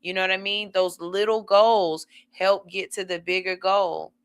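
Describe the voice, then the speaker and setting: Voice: mid-range voice, fairly even intonation, a little slow, a bit bright, clean tone. A podcast host talking casually and motivationally to the audience, checking in on viewers one by one in a laid-back way.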